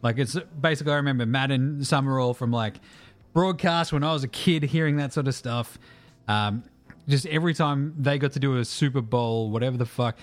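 A man's voice: mid-range voice, brisk, no room sound. An Australian man in his thirties co-hosting a casual podcast, joking and swearing loosely, recorded on a phone in a small room. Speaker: podcast co-host.

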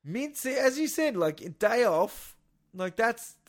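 A high-pitched man riffs in loose, profane sports banter, jumping between mumbled asides and sudden loud outbursts. He sounds like a podcast co-host ranting with a mate. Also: slow pace. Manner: excitable, swearing, bursts into shouts. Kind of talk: casual sports chat.

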